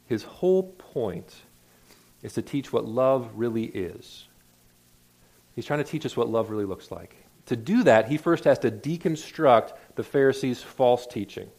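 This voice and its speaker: A man's voice: medium pitch, animated, moderate pace, a little mellow. A man preaching a sermon in an earnest, conversational way, often restarting his words. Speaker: pastor.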